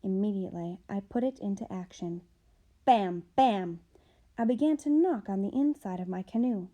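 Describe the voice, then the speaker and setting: A woman's voice: mid-range voice, expressive, normal speed, dark tone, natural voice. A woman telling as a dramatic campfire storyteller man. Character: boastful male storyteller recounting his scare.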